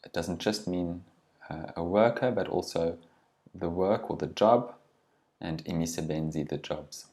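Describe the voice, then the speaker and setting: A man's voice: sits low, a little mellow. A man teaching a language lesson, saying each word carefully and then giving its meaning. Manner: deliberate, pronounces each word then glosses it.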